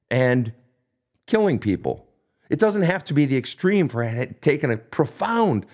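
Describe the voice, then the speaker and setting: A man in his fifties coaching listeners in a recorded Q&A, blunt and heavily profane. His pitch roams widely, dropping to low, hushed stretches before leaping into high, impassioned bursts. The delivery is emphatic and preachy throughout. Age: 50s. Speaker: life coach answering listener questions. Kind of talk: recorded online Q&A monologue.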